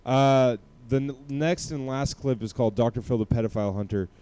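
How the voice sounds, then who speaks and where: A man's voice: mid-range voice, a little fast, dark tone. A man hosting a comedy podcast, riffing crudely and sarcastically on clips he plays. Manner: crude, sarcastic, laughing often. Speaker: podcast host.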